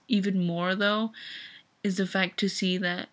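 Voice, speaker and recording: In a slow, steady, mid-range voice, a young woman vlogs as an upset fan, close to tears. Her emotional rant is heavy with fillers, especially "like".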